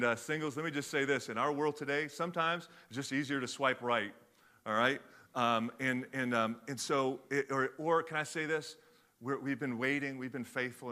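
A man's voice: medium pitch, bright, forceful tone. A man preaching a sermon as a pastor, talking conversationally with many fillers and restarts.

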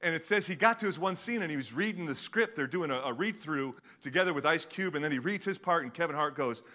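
A man's voice: fairly high pitch, lively intonation, fast, pushed and bright. A man preaching a sermon as a pastor, talking conversationally with many fillers and restarts.

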